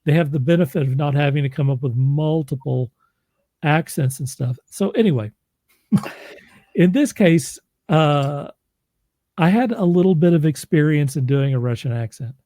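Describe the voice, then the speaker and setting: A man's voice: a little high, moderate pace, mellow, dry recording. A man who narrates audiobooks, chatting casually in a rambling, self-deprecating way and laughing often. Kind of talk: casual chat.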